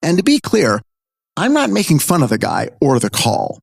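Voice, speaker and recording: A man's voice: on the high side, moderate pace, creaky, husky, dry recording, clean studio sound. A man in his fifties hosting a podcast, telling stories in a conversational way and talking straight to his listeners. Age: 50s. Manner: animated, conversational, addresses listeners directly. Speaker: podcast host. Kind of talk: storytelling narration.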